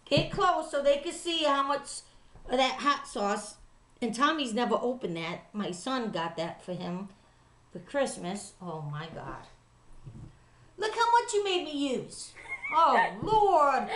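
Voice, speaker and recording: A middle-aged woman with a high, bright voice that jumps all over the place. She talks loud and excitable, swearing and laughing as she chats to her camera. The sound bounces around an echoey room. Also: a little slow. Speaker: vlogger doing a food challenge. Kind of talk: casual home vlog.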